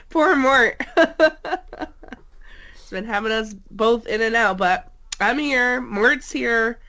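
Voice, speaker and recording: A woman's voice: a little high, slow, pauses often, pushed and bright. A woman co-hosting a casual wrestling podcast from a remote call, nasal and congested from a cold, teasing and laughing often. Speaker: co-host. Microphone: remote call mic.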